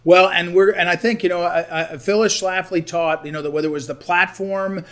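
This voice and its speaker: A man interviewing a guest over a video call, halting often with fillers and restarts. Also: sits high, fairly even intonation, a bit bright. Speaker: interviewer for a conservative group.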